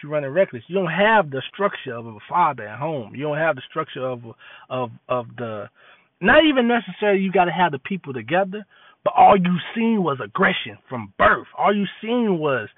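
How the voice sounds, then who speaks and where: A man's voice: a little high, no room sound. A man giving an impassioned, preachy monologue in street slang, repeating his points. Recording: tinny phone-like dry audio.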